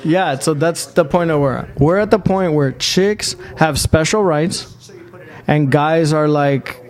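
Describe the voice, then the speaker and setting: Man, podcast co-host, casual chat, profane, rambling, slightly higher voice. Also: slow.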